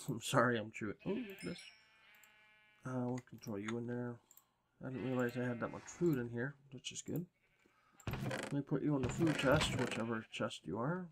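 A man casually commenting on his game, rambling between thoughts and coaxing game animals in a higher sing-song voice, chewing a cough drop as he talks. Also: moderate pace, pauses often, noisy background. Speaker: gameplay commentator.

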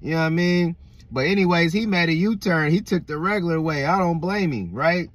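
Young man, lively storytelling with cussing, dry close sound. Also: fairly high pitch, brisk, dry recording. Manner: animated, swears a lot, keeps asking "right?". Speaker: vlogger. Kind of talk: casual storytelling.

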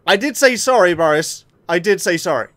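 Lively man commenting on gameplay. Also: high voice, fairly quick, no room sound. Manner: excitable, talks to himself and the game. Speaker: gaming video host. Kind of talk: let's play commentary.

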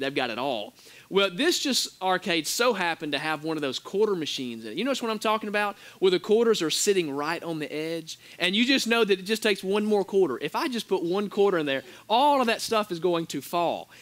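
A man with a high voice preaches a sermon in a church. He tells his story with animated energy, acting out the quotes and laughing along, then drops into a quiet prayer. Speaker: pastor. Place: church sanctuary.

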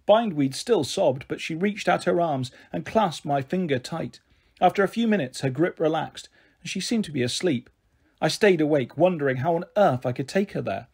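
A man reads a children's novel aloud in a husky, slightly raspy voice pitched a little high. He is expressive and changes his voice for each figure in the story. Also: moderate pace. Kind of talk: audiobook reading of a children's novel.

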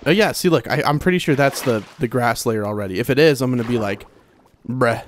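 Casual gameplay host, young man, mid-pitched, rambly, self-deprecating asides to the audience. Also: fast talker, slight background noise. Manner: chatty, rambling, self-deprecating, talks straight to viewers. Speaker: Minecraft let's play host.

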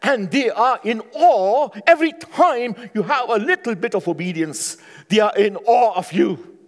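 A man's voice: high voice, expressive, a little slow. Guy preaching a sermon, voice jumps all over, big echoey hall sound. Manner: impassioned, swinging from hushed to loud. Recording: long hall reverb.

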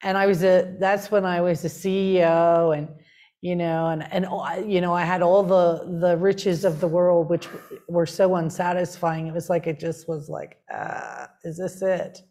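A woman with a somewhat low voice shares her spiritual story in easy conversation. She sounds earnest and rapt, and her talk is full of "like" and "you know." The tone stays heartfelt throughout. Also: little pitch movement, moderate pace, mellow. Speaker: spiritual community member sharing her story.

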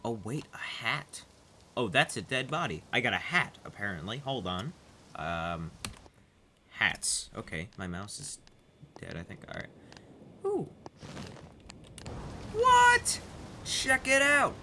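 A man giving casual gameplay commentary, excitable and chattering to his character, over noticeable background noise. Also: lowish voice, measured pace. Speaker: gaming channel host.

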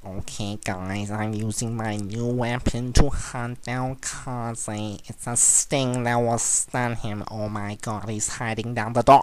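A teenage boy giving gameplay commentary, boastful and trash-talking, bursting into shrill yelling. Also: little pitch movement, slow, few pauses, poor audio. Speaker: gamer commentator.

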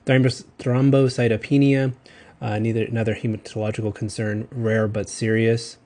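A man from Texas with a Southern accent, giving a recorded pharmacology lecture in a casual, rambling way with quick self-corrections. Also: fairly low pitch, flat delivery, darkish tone.

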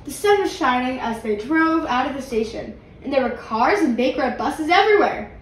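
A woman's voice: sits high, expressive, moderate pace, recorded from a distance. Woman reading a storybook aloud, echoey. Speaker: channel host, reader. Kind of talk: reading a picture book aloud. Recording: roomy, away from mic.

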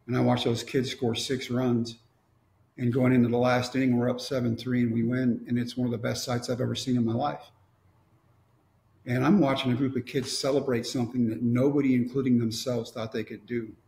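Gravelly middle-aged man, wry storyteller, echoey room. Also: medium pitch, flat delivery, fairly quick, a little mellow. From Texas. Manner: wry, storytelling with quoted dialogue. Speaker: motivational speaker. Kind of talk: storytelling talk.

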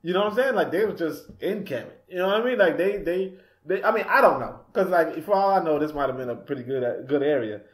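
A man's voice: a little high, lively intonation, quick pace. A male radio host and author in a casual talk-radio monologue. He rambles, laughs often and fills with "you know". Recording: echoey room.

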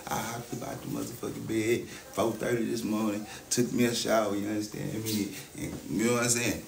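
Man, young adult, gravelly voice, lowish pitch, boastful hype talk, livestream chat, faint room noise. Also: steady tone, brisk, hardly any pauses. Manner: boastful, hype talk with constant "you know what I'm saying" fillers.

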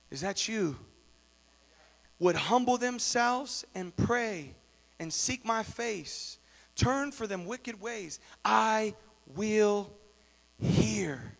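A male preacher delivering a sermon, moving from quiet storytelling to shouted exhortation. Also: sits high, animated, drawn-out words, in a large hall. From Texas.

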